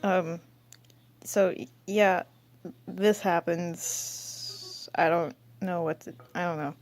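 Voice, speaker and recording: A woman's voice: on the low side, steady tone, takes it slowly, a little mellow, no echo. A woman hosting her channel, reading through an old comic in casual commentary, rambling and giggling at herself. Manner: rambling, giggly, self-mocking. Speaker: channel host.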